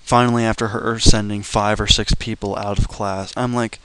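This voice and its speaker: Young guy, lowish voice, swears a lot, just telling his story casual like. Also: normal speed, few pauses, clean tone, dry recording, poor audio. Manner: blunt, profane, lively retelling. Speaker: vlogger.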